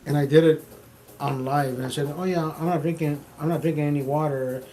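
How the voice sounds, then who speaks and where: Middle-aged guy streaming, swears a lot, repeats himself, kinda high voice, faint music behind. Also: brisk. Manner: profane, animated, repeats himself. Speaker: streamer host. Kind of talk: casual storytelling.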